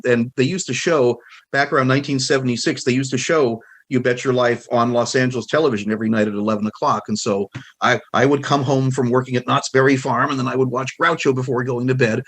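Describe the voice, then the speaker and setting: Husky-voiced American man in his sixties. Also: mid-range voice. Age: 60s. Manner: animated storyteller who acts out quotes. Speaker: guest film historian. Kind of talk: casual anecdotal chat.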